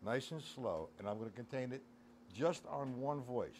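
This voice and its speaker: A man's voice: medium pitch, moderate pace, darkish tone. A middle-aged man giving a casual live-streamed drum lesson, counting beats aloud and talking to his chat. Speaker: drum teacher. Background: drum kit playing.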